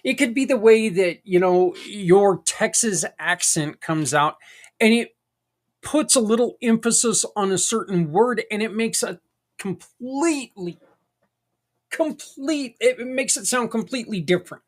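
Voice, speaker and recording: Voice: mid-range voice, moderate pace. A podcast host talking in a casual, earnest monologue, folksy and rambling with tangents and mild swearing. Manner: earnest and encouraging.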